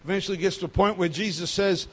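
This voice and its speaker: A man giving a sermon as pastor, emphatic and swinging between loud and soft. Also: high voice, fairly even intonation, fast talker, breathy edge.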